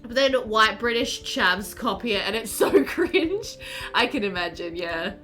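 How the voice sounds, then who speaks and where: A woman's voice: on the high side, lively intonation, a little slow, a bit bright, soft background music. A woman streamer chatting casually and animatedly with viewers while playing a game, often laughing.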